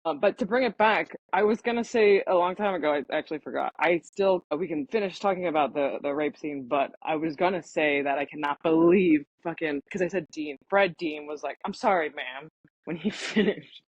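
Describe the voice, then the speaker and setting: Husky chatty woman podcaster. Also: sits low, a little fast, few pauses, no room sound. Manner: chatty, laughing, self-correcting. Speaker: podcast co-host. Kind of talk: casual book-club chat. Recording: dry, dull lo-fi podcast audio.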